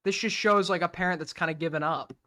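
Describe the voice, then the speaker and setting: Young male host, casual reaction commentary, blunt and profane, slightly high, bright and forceful tone. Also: fast. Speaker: streamer host.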